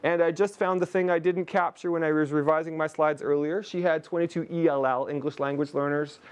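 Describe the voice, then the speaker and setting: A man's voice: fairly high pitch, steady tone, brisk, clear, resonant tone. A man from Canada leading a teacher webinar on a video call, chatty, with jokey asides to his audience. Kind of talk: webinar presentation.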